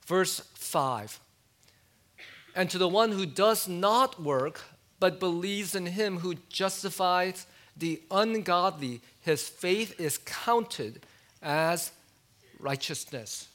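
A man preaching a sermon in a conversational way, asking his listeners questions and dropping low and quiet on key words. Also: lively intonation, slow pace. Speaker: pastor.

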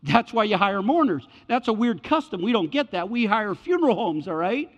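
A male pastor preaching a sermon in an animated, colloquial way, repeating his key phrases. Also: high-pitched, normal speed. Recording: reverberant hall, dull lo-fi.

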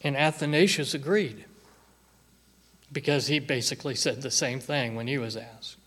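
A man preaching a sermon, slow and emphatic, often repeating words for weight. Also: mid-range voice, a bit bright, slightly rough. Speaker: pastor.

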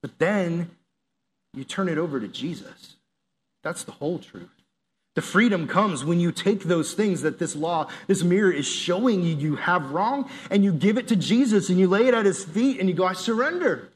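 Young guy youth pastor, kinda high voice, chatty earnest sermon, does little prayer voices. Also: animated, normal speed. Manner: conversational, earnest, acts out inner voices.

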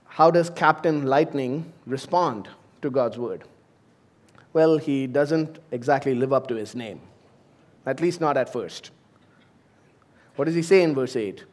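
A middle-aged man, a senior pastor, preaching a sermon that swings from soft, low passages to loud, emphatic exhortation. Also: a little slow, long pauses.

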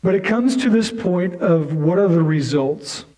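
A man's voice: high-pitched, expressive, a little slow, mellow, low-quality recording. A male pastor preaching a sermon in a conversational way, with asides and restarts.

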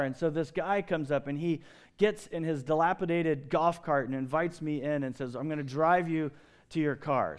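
A middle-aged man and pastor, preaching a sermon with lively storytelling and big swings in pitch and loudness. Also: clear, resonant tone.

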